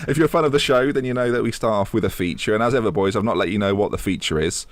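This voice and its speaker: A young man hosting a casual football podcast, running a quiz game with quick, playful rulings. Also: lowish voice, no echo. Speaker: podcast host.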